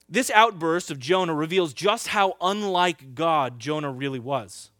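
A man preaching a sermon as a pastor, telling stories in a lively way and acting out scenes. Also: on the high side, unhurried, few pauses, no echo, clean studio sound. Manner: animated storytelling, acts out scenes.

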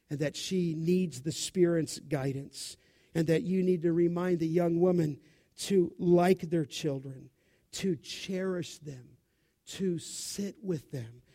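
A man preaching a sermon, with an animated, expressive delivery. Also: a little high.

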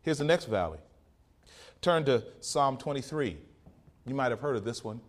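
A man preaching a rousing sermon, swinging from loud peaks to hushed passages and quoting scripture in old King James wording. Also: medium pitch, animated, moderate pace.

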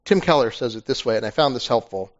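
A male pastor preaching a sermon in a conversational, animated storytelling manner. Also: medium pitch, quick pace. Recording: dull lo-fi recording.

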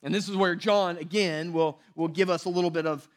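A man preaching a casual, conversational sermon, animated and acting out the people in the passage. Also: high voice, brisk. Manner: animated, conversational, acts out voices in quotes. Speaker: pastor.

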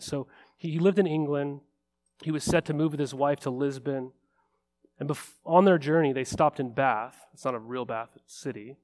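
A man's voice: mid-range voice, darkish tone. A man preaching a sermon as a pastor, earnest and building to fervent emphasis.

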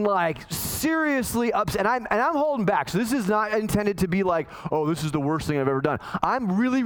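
A man in his forties gives a casual, story-driven sermon in a notably high voice. He rambles and restarts, poking fun at himself as he goes. The tone stays friendly and loose rather than formal. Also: a bit bright, low-quality recording. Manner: chatty storytelling, self-deprecating, restarts often. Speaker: pastor. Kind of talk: conversational sermon.

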